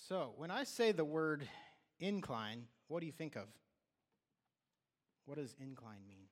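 A man's voice: on the high side, big pitch swings, moderate pace. A man preaching a sermon in a loose, conversational way, often restarting his sentences and acting out what people say. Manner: conversational, with restarts and acted-out quotes. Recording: long hall reverb.

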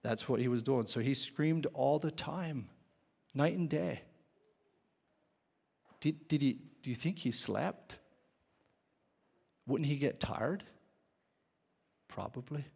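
Male preacher, slow deliberate delivery, questions the pews, long reverb of a church hall. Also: mid-range voice, vocal fry, a little mellow, breathy edge. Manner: questions the congregation. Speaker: pastor. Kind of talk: sermon.

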